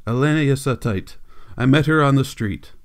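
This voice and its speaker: A man's voice: mid-range voice, moderate pace, creaky, natural voice. A man reading the lines of an anxious, earnest young male laborer searching for a relative.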